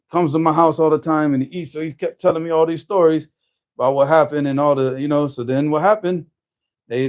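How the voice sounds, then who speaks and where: A man telling a story in casual conversation, animated, often restarting his sentences. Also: on the high side. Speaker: storyteller guest.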